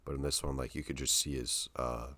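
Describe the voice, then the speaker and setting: A man's voice: a bass voice, level tone, brisk, bright, forceful tone. A young man co-hosting a podcast, telling a story in a loose, rambling way full of fillers and slang. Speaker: podcast co-host. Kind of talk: casual podcast chat.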